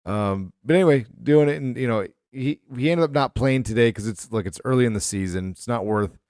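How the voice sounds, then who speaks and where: A middle-aged podcast co-host chats casually, telling rambling stories packed with fillers in an animated way. His medium-pitched voice moves briskly, and the studio sound is clean with no echo.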